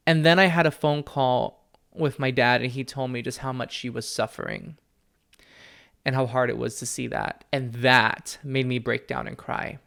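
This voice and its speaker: A young man hosting a solo podcast from home, talking candidly and earnestly, often with a soft laugh. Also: medium pitch, vocal fry. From family from Peru. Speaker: podcast host, psychic medium. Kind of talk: reflective solo podcast talk. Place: at home with his dog.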